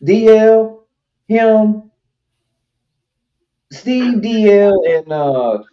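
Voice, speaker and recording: A man's voice: high-pitched, animated, drawn-out words. A man hosting a livestream, giving blunt, emphatic opinions in casual chat with a mocking edge. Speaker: stream host. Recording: muffled lo-fi stream audio.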